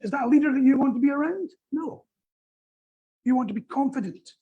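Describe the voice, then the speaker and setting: A Scottish man leading a dog training workshop, talking casually in an animated, joking way and acting out little scenes. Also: very high voice, brisk, narrow, tinny audio. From Scotland. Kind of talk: casual instructional talk. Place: small indoor workshop room.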